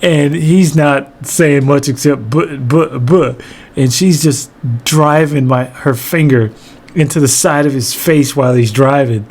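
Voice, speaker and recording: Guy telling a funny story, kinda high voice, laughs a lot, cusses casually. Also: unhurried. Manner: animated, laughing, profane. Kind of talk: comedic storytelling monologue.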